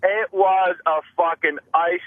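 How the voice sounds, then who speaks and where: A comedian calls into a radio show and tells rapid-fire, profane backstage stories, jumping into other people's voices as he goes. His voice sits high for a man. The line is completely dry, with no room sound around it. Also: steady tone, dry recording, phone-quality sound. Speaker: phone-in comedian guest. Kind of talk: animated phone-in storytelling. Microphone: phone line.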